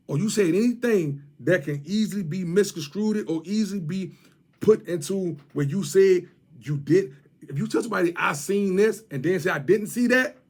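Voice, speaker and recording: In this clip a vlogger with a Washington DC area accent rants to the camera, mocking someone in heavy street slang and repeating his jabs. His voice is high-pitched, husky and warm.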